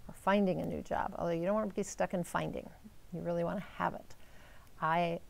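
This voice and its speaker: A woman teaching in a casual, coaching way, checking in often with quick "right?" and "okay?" asides. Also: fairly low pitch, gravelly, a little mellow. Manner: coaching, upbeat, uses rhetorical "right?" and "okay?". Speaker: manifestation coach.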